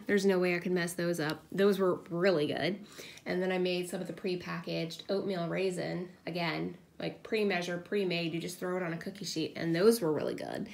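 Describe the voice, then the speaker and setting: Woman, 30s, craft vlogger: rambling, self-mocking chat, now and then hushed. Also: fairly low pitch, vocal fry. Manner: chatty, scattered storytelling with self-deprecating laughs; drops to a hush at times, kids asleep nearby. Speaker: craft video host. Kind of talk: casual chat while crafting.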